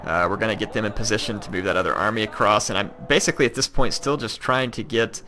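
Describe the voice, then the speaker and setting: A man's voice: on the low side, fast, bright, forceful tone, a little hiss or hum. A man from Kentucky with a Southern US accent, rambling through casual let's-play commentary with plenty of ums and likes. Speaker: gaming YouTuber.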